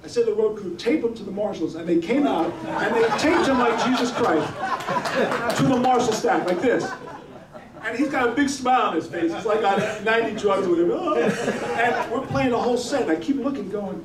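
High-voiced New man telling stories. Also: animated, brisk. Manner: acts out voices in his stories, laughing. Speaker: guest storyteller, rock guitarist. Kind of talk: animated anecdote on stage. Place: arts center hall with audience. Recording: echoey hall, distant mic, crowd.

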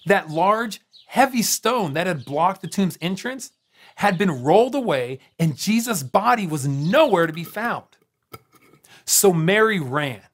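A man narrating a scripted children's Bible story in an expressive way, with dramatic pauses. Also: sits high. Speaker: storyteller on a kids' show.

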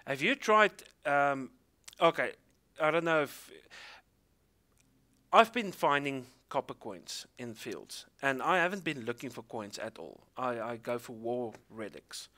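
A man's voice: mid-range voice, sing-song, a little slow, pushed and bright. A South African man hosting a casual interview, chatty and hesitant with many fillers.

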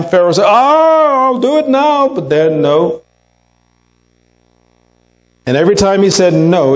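Pastor in a church sermon: a man with a high, unhurried, earnest delivery. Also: darkish tone, poor audio. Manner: earnest preaching, acts out quotes in a raised voice. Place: church sanctuary.

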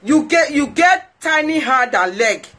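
A woman's voice: high voice, lively intonation, a little slow, a bit bright. A woman with a Nigerian Pidgin accent, hosting her own show and scolding someone in an indignant rant, repeating phrases for emphasis. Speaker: host. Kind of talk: ranting monologue to followers.

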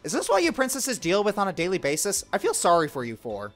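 A man's voice: high-pitched, fast talker, soft background music. A man giving sarcastic, comedic commentary on video games. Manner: sarcastic, animated.

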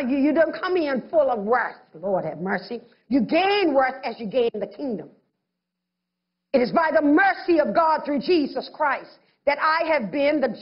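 A woman's voice: sits high, highs cut off. A woman pastor preaching a sermon, acting out little voices of others as she goes.

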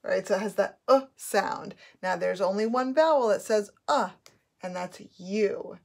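Slow, patient woman phonics teacher. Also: medium pitch, a little mellow. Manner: slow, patient, sounding out letters clearly. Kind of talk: phonics lesson, repeat-after-me drills.

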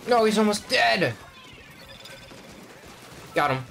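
A man streaming a video game, chatting to viewers by name and yelping high when a play goes wrong, goofy and quick to joke. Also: creaky, a little hiss or hum. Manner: excitable, jumps to high yelps at misses. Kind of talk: live gameplay commentary with viewers. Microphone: desk microphone, no camera.

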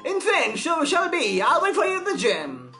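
Woman doing a dramatic French lady gym leader, high, bright, giggly. Swooping pitch. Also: huge pitch swings, normal speed, faint music behind, exaggerated voice. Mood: theatrical. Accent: put-on French.

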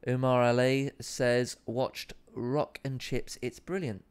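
A man's voice: medium pitch, level tone, slow pace, clean tone. A man in his thirties with an Essex accent, casually chatting while streaming a game, reading viewer comments aloud, swearing and mocking his own play. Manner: reads chat aloud while playing, swears, self-deprecating. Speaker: live streamer. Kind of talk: casual gaming stream chat.

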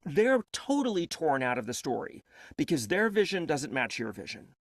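A man speaks in a quick, rambling flow on a panel about audiobook work, often stopping to restart his sentences. His pitch sits a little high and swings widely. The sound is dry and close. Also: sing-song, no echo. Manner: rapid, rambling, self-interrupting. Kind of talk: casual panel talk.

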